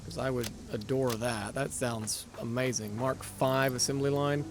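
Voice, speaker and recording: A man's voice: mid-range voice, steady tone, measured pace, over music. A man casually commentating his own gameplay, rambling, correcting himself and muttering as he plays. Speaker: gaming channel host. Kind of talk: casual let's-play commentary.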